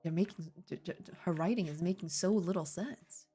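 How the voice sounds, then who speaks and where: A woman's voice: lowish voice, brisk, mellow, breathy edge, soft background music. A young woman hosting a channel, reading fanfiction aloud and breaking in with sarcastic, incredulous remarks. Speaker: channel host.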